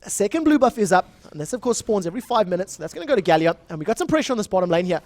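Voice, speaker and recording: Man, South African accent, young adult, excitable esports commentary, very lively pitch. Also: dry recording. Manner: fast, excitable play-by-play that rises in big moments. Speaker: esports shoutcaster. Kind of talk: live game commentary.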